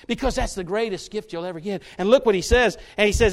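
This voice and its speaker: A man preaching a sermon to his church, folksy and direct with the congregation, often building to loud, fervent stretches. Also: sits high, fast talker, hardly any pauses. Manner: folksy, talks straight to the congregation, builds to shouts.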